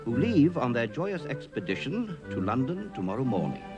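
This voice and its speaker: An actor playing a middle-aged gentleman father in a period film, speaking with dry, understated wit. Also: medium pitch, big pitch swings, normal speed, close to an everyday voice. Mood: reading aloud. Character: dry, wry gentleman father, mild-mannered. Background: film score music.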